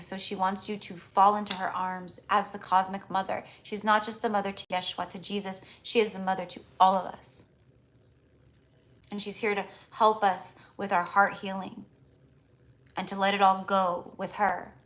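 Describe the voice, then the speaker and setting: A woman hosts a casual live tarot stream and talks straight to her viewers. She is chatty and affectionate and leans on "like" as a filler. Her pitch sits in a middle range for a woman. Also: little pitch movement, moderate pace, a bit bright. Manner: chatty, heavy use of "like" fillers; affectionate, addresses viewers as "my love".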